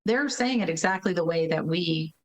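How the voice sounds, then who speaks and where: A woman interview guest who directs a learning center, explaining in lively casual talk, acting out children and checking in with tag questions. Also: fairly low pitch, normal speed, poor audio. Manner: animated, acts out children's reading with voices; frequent tag questions, laughs while explaining.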